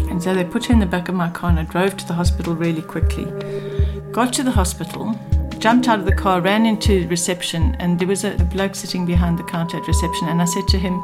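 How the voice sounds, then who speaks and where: An older woman from South Africa tells her story in an earnest, reflective way, her voice sitting fairly low. She recounts her time as a spy with quoted dialogue, and music plays under her speech. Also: fast. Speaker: former spy interviewee. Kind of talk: personal storytelling.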